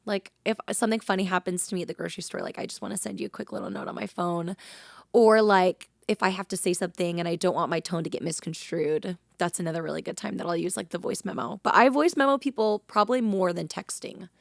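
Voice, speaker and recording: A woman's voice: lowish voice, fast, creaky, no echo, studio quality. A young adult woman chatting casually as a podcast guest, peppering her sentences with "like.". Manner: chatty, heavy use of "like". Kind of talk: casual chat.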